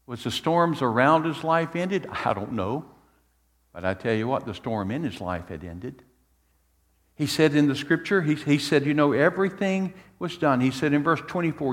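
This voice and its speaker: A man preaching a sermon as pastor, swinging from loud fervent preaching to hushed tender tones. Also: on the high side, lively intonation, normal speed, big-room sound.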